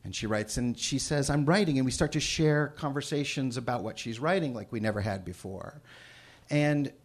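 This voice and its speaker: A middle-aged man tells a story on stage before a live audience. His voice is husky and a little breathy, at an ordinary male pitch. He swings from soft, hushed asides to loud bursts. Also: normal speed. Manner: shifts from hushed asides to loud shouted reading.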